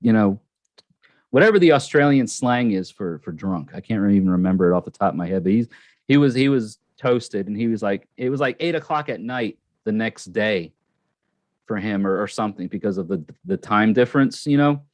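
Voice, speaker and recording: A man's voice: fairly low pitch, expressive, brisk, no echo. A man hosting a casual live stream, telling a long rambling story with many restarts and fillers. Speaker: channel host.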